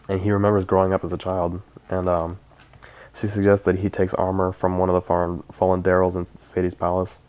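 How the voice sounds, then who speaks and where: Man, casual book synopsis, hesitant, lots of fillers, low flat voice. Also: brisk.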